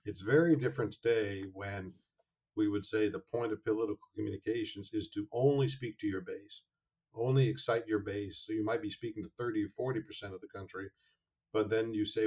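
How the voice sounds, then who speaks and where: A man being interviewed as an author, talking in a measured, thoughtful way with frequent fillers and restarts. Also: on the low side, steady tone, darkish tone. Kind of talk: interview conversation. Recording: dull lo-fi sound.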